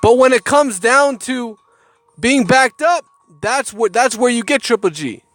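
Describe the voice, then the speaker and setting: A man's voice: very high voice, lively intonation, unhurried, fairly bright tone, no echo, soft background music. A man giving heated, profane boxing commentary, often repeating words as he gets worked up. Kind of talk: casual ranting commentary.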